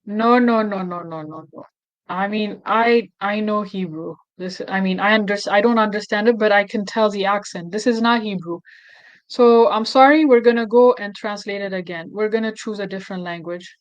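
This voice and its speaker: A woman hosting a casual screen-recorded software walkthrough, thinking aloud and correcting herself with frequent restarts. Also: mid-range voice, normal speed, lo-fi sound. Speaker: tutorial host.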